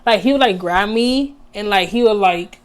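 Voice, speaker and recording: A woman's voice: medium pitch, normal speed. Young woman, storytime vlogger, casual and slangy, talks right to viewers. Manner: chatty, heavy use of "like" and slang, addresses viewers as y'all.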